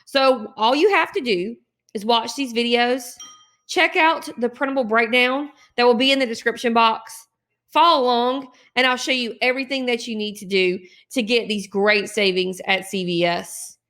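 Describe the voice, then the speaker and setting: A woman's voice: fairly high pitch, moderate pace, fairly bright tone. A woman hosting a couponing channel, giving an upbeat, encouraging intro to the camera.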